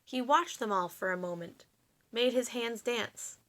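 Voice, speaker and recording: A woman reading a picture book aloud to children, expressive and pausing to explain. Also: a little high.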